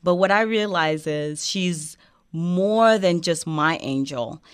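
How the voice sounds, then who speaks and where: A woman's voice: low voice, no room sound, clean studio sound. A woman from Africa, hosting a heartfelt interview show, earnest and emotional with many fillers. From West Africa. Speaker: show host.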